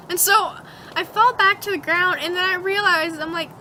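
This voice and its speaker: A woman's voice: very high-pitched, expressive, moderate pace, pushed and bright, a little hiss or hum, rough recording. A teenage girl vlogger animatedly retelling a dream to camera, giggling often. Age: teens. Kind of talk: casual storytelling to camera.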